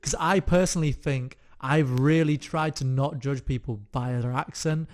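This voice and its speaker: A man's voice: mid-range voice, moderate pace. A young man from England with a fairly neutral English accent, co-hosting a casual podcast and joking around. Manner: jokey, bursts into put-on voices and laughter. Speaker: podcast co-host. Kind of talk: casual chat.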